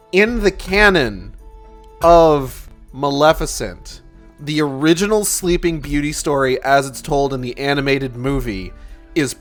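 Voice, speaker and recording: A man with a somewhat high voice rambles loosely through a movie plot, swearing freely and adding fillers as he goes. Faint music plays behind him while he streams. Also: a bit bright. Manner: casual, profane, rambling. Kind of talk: casual movie recap while gaming.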